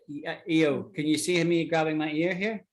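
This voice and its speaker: A man's voice: a little high, steady tone. A man from Britain teaching an online English lesson, patiently repeating words to show how they sound. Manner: patient, repeats words slowly to model pronunciation.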